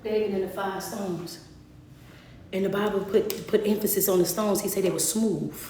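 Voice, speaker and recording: A woman with a medium-pitched, dark, steady voice delivers an emphatic motivational sermon over a phone livestream, calling out to her viewers by name. She is a motivational speaker and life coach, recorded in an echoey room with slight background noise.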